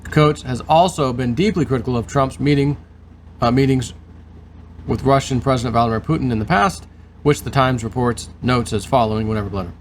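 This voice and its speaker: A man's voice: medium pitch, a little fast, a little hiss or hum. A man hosting his show, reading news aloud and breaking off into sarcastic commentary. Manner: reads aloud, then adds sarcastic asides. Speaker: host.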